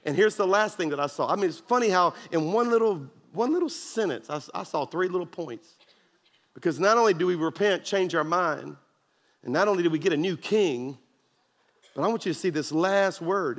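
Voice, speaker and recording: A man's voice: sits high, moderate pace. A man preaching a sermon as pastor, emphatic and calling out to the congregation for responses. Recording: long hall reverb.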